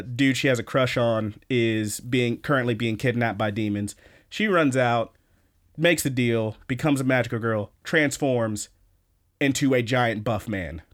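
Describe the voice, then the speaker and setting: Excitable young guy recapping an anime. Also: medium pitch. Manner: excitable, swears freely, quotes scenes in voices. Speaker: podcast co-host. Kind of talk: casual chat.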